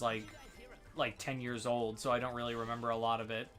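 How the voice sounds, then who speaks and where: A man's voice: medium pitch, flat delivery, a little fast, music in the background. A young man co-hosting a casual gaming stream chat, easygoing and agreeable, swearing casually. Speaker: co-host.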